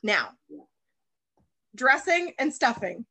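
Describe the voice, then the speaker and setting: A woman's voice: sits high, sing-song, takes it slowly, sharp tone, slightly rough, no echo. A woman in her thirties from the United States, a baker and chef, talking as a guest in a casual interview and rambling with many fillers and restarts.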